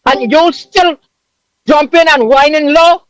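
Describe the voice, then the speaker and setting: A man's voice: extremely high pitch, slow, no room sound, rough recording. A man, calling in from abroad to a talk radio show, emotional and preaching with emphatic repetition. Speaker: caller living abroad. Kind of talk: impassioned call-in rant.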